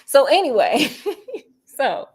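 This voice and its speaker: A woman chats while cooking. Her voice sits a little high. She talks in a sassy, gossipy way, full of honey and girl. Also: very animated, takes it slowly, darkish tone. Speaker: vlogger. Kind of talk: casual chat while cooking.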